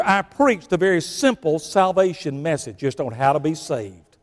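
An older man with a Southern US accent preaching a sermon, telling folksy stories that swing between shouting and hushed asides. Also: fairly high pitch, big pitch swings, normal speed, in a large hall.

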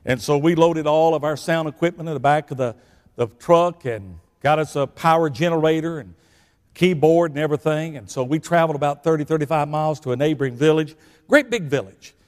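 An older man with a Southern US accent preaching a sermon, telling folksy stories that swing between shouting and hushed asides. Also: fairly high pitch, a little fast, big-room sound.

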